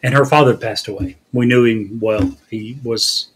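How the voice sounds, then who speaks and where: A man's voice: lowish voice, normal speed, slightly rough. A man hosting a casual news podcast, recounting stories in a wry way. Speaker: podcast host.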